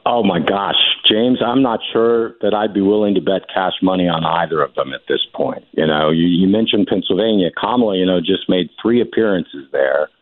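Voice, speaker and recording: A man in his fifties from New Jersey, a political journalist calling in, speaking in a measured, skeptical way over a telephone. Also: low-pitched, no room sound. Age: 50s. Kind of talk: phone-in interview. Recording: tinny phone line.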